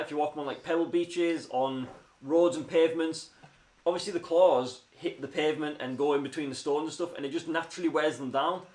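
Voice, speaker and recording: Young male co-host from northern England, slightly high voice, loose rambling chat in a roomy space. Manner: rambling, chatty, lots of fillers. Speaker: podcast co-host. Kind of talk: casual live-stream chat. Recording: roomy room sound.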